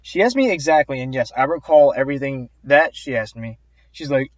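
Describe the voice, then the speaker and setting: A man's voice: medium pitch, expressive, a little fast, dry recording. Chatty young man telling a storytime. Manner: chatty, exasperated, sarcastic asides. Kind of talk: casual storytime narration over gameplay. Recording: dull, dry, slightly lo-fi voice track.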